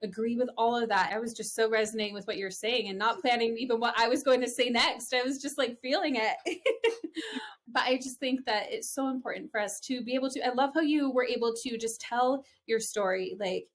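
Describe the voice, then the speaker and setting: A woman's voice: fairly high pitch, fairly quick. A woman hosting a podcast, enthusiastic and affirming, asking long, rambling questions. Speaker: podcast host. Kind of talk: interview conversation.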